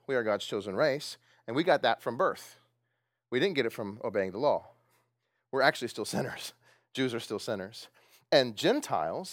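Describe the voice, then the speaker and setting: A man's voice: mid-range voice, no echo, studio quality. A man preaching a sermon, asking his congregation questions and laughing often as he talks. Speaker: pastor.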